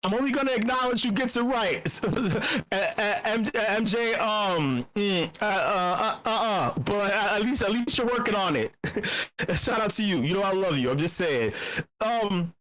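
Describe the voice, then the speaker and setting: Man, live voice-channel host, brash, profane, teasing, bursts of drawn-out shouting, computer mic. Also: high-pitched. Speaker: host of a community voice-chat show. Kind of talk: casual live chat.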